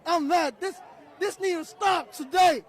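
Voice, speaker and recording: Angry high-voiced male protester shouting. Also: a little slow. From outside the United States. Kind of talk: impassioned street interview. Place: outdoor city street protest. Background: crowd.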